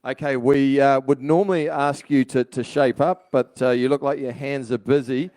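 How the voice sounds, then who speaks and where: New male interviewer, smooth and even, loose chatty delivery. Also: medium pitch. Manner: chatty, laughing, halting restarts. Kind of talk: casual interview banter.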